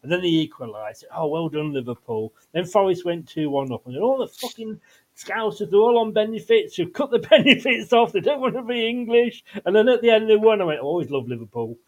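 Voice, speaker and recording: A man's voice: high-pitched, expressive, brisk. A man guesting on a football podcast, joking with laughing asides in casual chat. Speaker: guest fan channel host.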